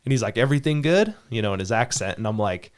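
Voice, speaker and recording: Animated man telling a story. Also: on the low side, very fast. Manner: animated storyteller, acts out quoted dialogue, laughs often. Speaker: podcast co-host. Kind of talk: casual podcast chat.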